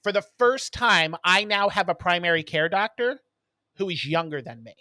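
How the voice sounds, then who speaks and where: A man co-hosting a podcast in casual chat, telling stories in an animated way and acting out what people said. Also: sits high, normal speed, no echo. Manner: animated storyteller who acts out quotes. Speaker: podcast co-host.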